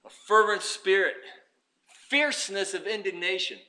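Fervent high-voiced male preacher. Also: animated, normal speed. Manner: fervent preaching, swinging from hushed to shouting. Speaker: pastor. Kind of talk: sermon.

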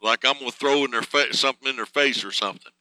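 Bright, crisp folksy preacher man. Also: medium pitch, quick pace, dry recording, rough recording. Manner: folksy, plain-spoken, chuckles between thoughts. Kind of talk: conversational sermon.

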